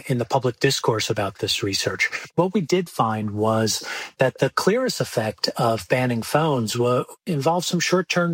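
A man who is a professor, explaining research findings in a measured, precise way with occasional fillers. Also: mid-range voice, fairly bright tone, breathy edge, dry recording.

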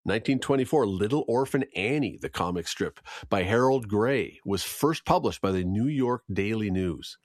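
A man's voice: lowish voice, moderate pace, few pauses, no echo, clean studio sound. A man hosting a radio show, reading news, gas prices and the day in history in a chatty way with jokes on the side. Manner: lively, chatty, jokes aside. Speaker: radio host. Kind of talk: morning radio news and chat.

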